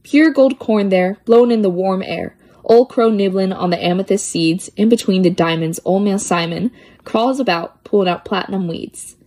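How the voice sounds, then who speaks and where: A woman's voice: medium pitch, normal speed, warm tone. A woman reading children's poems aloud with a lilting, playful sing-song delivery. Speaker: poetry reader.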